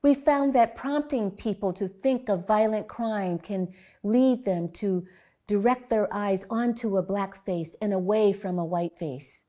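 Researcher lady giving a talk, takes her time, earnest, kinda mellow voice. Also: medium pitch. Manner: measured, earnest storytelling. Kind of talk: prepared public talk.

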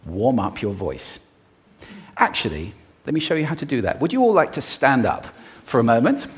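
A man giving a talk on stage to an audience, expressive and playful, demonstrating different ways of using the voice. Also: mid-range voice, normal speed. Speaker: public speaker.

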